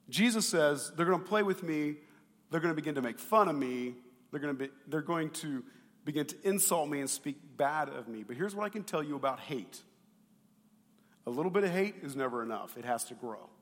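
A pastor whose voice sits on the high side gives a lively, conversational sermon. He alternates between booming emphasis and hushed asides and keeps asking the congregation questions. Long hall reverb surrounds the recording.

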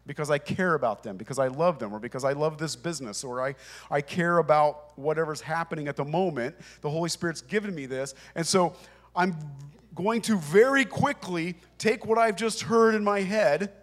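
A man's voice: fairly high pitch, a little fast. A man preaching a sermon to a congregation in a conversational, emphatic way. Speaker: pastor. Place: church with congregation.

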